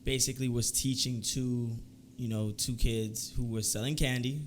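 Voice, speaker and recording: A man's voice: medium pitch, flat delivery, moderate pace, slight background noise. A man co-hosting a casual podcast, talking in an easygoing, hesitant way full of fillers. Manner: easygoing, hesitant, lots of fillers like "you know" and "I guess". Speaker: podcast co-host.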